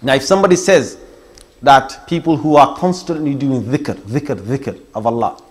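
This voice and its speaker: A man's voice: mid-range voice, moderate pace. A middle-aged man giving an emphatic Islamic lecture, listing points and challenging his listeners directly. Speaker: Islamic preacher. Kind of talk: religious lecture.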